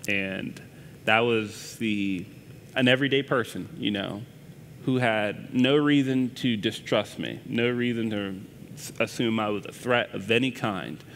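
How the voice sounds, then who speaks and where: A man with a lowish voice tells a personal story in a church conversation. He is earnest and halting, often repeating words as he restarts. A faint rumble sits under the recording. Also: creaky, fairly bright tone. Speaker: news reporter.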